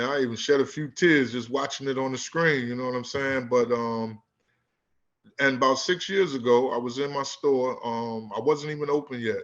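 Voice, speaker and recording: A basketball coach from Newark, New Jersey, tells a story in casual conversation, using laid-back street talk with plenty of "you know what I'm saying." His voice is medium-pitched and a bit bright, and the recording sounds muffled.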